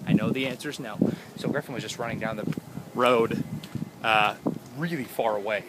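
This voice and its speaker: A man's voice: mid-range voice, normal speed, very noisy. A young man vlogging outdoors by his house, rambling and joking in a goofy way. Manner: goofy, jokey, jumps between topics and silly voices. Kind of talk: rambling casual vlog.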